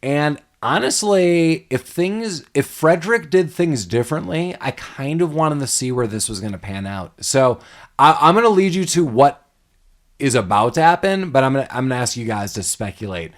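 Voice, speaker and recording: A man co-hosting a podcast, casually recapping a film with lots of laughter and animated retelling. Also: mid-range voice, normal speed. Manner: laughs often, animated retelling with acted quotes. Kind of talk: casual chat.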